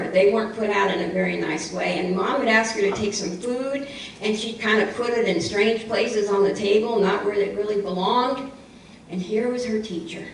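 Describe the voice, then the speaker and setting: A woman tells a children's story at church, lively and expressive, repeating key lines. She is far from the mic in a very echoey room, with a faint hiss under her voice. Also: mid-range voice. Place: church hall.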